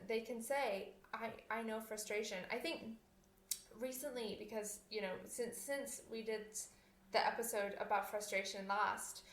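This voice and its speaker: A young adult woman hosting a podcast, chatting casually with lots of fillers and restarts, often laughing. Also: fairly high pitch. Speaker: podcast host and oboist. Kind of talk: casual solo podcast talk. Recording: echoey room.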